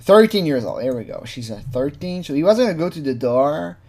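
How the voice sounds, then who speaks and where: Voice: mid-range voice, big pitch swings, brisk, dark tone. A casual true crime commentator who talks freely, laughs often, swears, and mimics the people being quoted.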